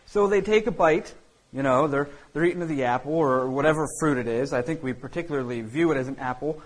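Male pastor, casual sermon delivery, slightly high voice, lots of "you know" and restarts. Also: fast talker, low-quality recording. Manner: conversational, many fillers and restarts.

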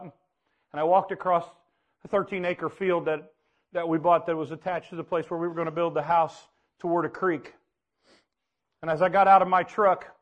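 A man preaching, telling a personal story in an earnest way that swings from hushed to loud. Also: on the high side. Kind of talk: personal testimony sermon.

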